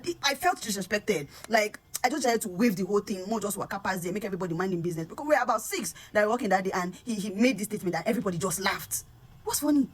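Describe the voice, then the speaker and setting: A woman's voice: lively intonation, rapid-fire, hardly any pauses. A young Nigerian woman with a Nigerian accent, venting to her phone camera in an earnest, aggrieved vlog and mixing in Pidgin. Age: young adult. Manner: earnest and aggrieved, repeats words and rises in pitch when heated, mixes in Pidgin. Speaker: vlogger. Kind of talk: impassioned direct-to-camera rant.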